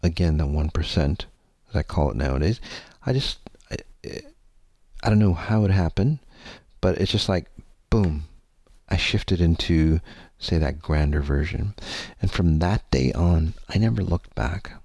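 A man's voice: low-pitched, animated, measured pace, darkish tone, husky, no room sound, studio quality. A man telling a candid personal story to his audience, rambling and earnest, with many fillers and some casual swearing.

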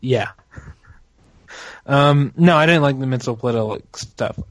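A man's voice: mid-range voice, slow, fairly bright tone, no room sound. A man hosting a casual podcast chat. He hesitates a lot, restarts his sentences and laughs easily. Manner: hesitant, many ums and restarts, laughs often. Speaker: podcast host.

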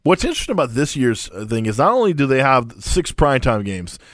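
A man's voice: medium pitch, sing-song, fast, fairly bright tone, no room sound, clean studio sound. A young man hosting a sports podcast, teasing his co-host and stretching out his lead-ins. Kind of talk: casual sports talk.

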